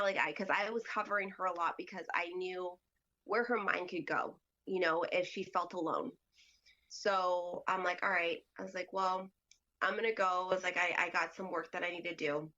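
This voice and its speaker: A woman's voice: lowish voice, sharp tone. Chatty woman telling a story, dull audio. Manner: chatty, acts out quoted dialogue with lots of fillers. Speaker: podcast guest. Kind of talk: casual storytelling.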